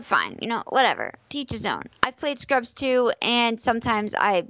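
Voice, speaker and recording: A woman's voice: a little high, wildly swooping pitch, normal speed, pushed and bright, dry recording, low-quality recording. A woman who competes in fighting games, talking as a podcast guest in an emphatic way and repeating her key phrases. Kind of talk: casual podcast conversation.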